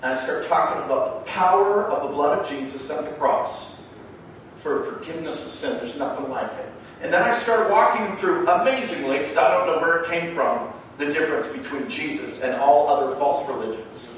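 A man preaching a sermon as a pastor, telling stories in an animated way and acting out the dialogue. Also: on the high side, a little fast. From Canada. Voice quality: animated storyteller who acts out the dialogue in his stories. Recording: very echoey hall, mic far off, faint background noise.

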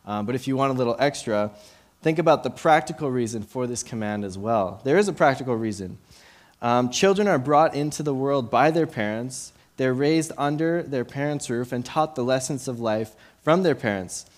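A man's voice: medium pitch, expressive, moderate pace. A man in his late twenties giving informal Bible teaching. He tells a childhood story in a loose, conversational way, with many fillers and restarts.

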